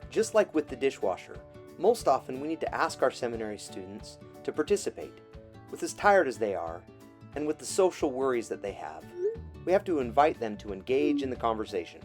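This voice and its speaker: Lively-voiced trainer narrating a lesson. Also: medium pitch. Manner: encouraging, direct advice to teachers. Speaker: seminary teacher trainer. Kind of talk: scripted instructional narration.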